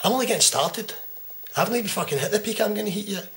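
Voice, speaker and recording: A Scottish man in his twenties cutting a profane, taunting wrestling promo that swings between loud jabs and hushed menace. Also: high voice, lively intonation, racing, creaky. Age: 20s. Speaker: pro wrestler. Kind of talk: trash-talk wrestling promo.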